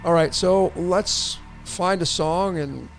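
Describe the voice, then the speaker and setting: A man's voice: sits high, slow pace, vocal fry, faint music behind. A man hosting a casual livestream tarot reading, rambling with lots of restarts and casual swearing. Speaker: tarot reader and livestream host.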